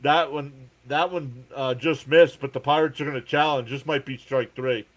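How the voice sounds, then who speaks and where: A relaxed, chatty man from New Jersey calls a baseball game live as a sports reaction host, speaking at a normal speed. Between pitches he reads viewer comments aloud.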